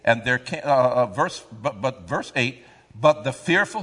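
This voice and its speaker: A man preaching a sermon, reading scripture aloud and drawing the congregation in with call-and-response questions and sudden loud swells. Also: medium pitch, animated, moderate pace, husky, long reverb tail.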